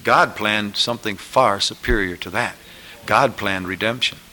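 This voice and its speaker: A man preacher delivering a sermon, emphatic and repetitive, rising to loud scripture calls and dropping low for asides. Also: unhurried, a little hiss or hum, low-quality recording. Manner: emphatic, repeating lines, rising to shouted scripture.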